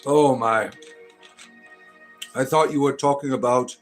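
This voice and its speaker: A man's voice: mid-range voice, fairly even intonation, takes it slowly, faint music behind. A man hosting a casual live stream, rambling and joking as he greets viewers by name.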